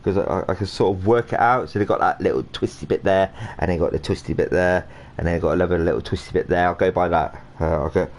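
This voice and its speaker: Speaking fast in a low voice, a man casually commentates a sim racing stream, chatting and rambling with plenty of fillers and restarts. The home stream audio is noisy.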